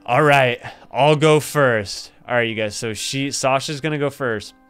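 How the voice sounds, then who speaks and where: A young man who runs a gaming channel reads in-game story dialogue aloud and reacts excitedly, laughing and gasping often. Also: mid-range voice, measured pace, smooth. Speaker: gaming YouTuber. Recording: faint background music.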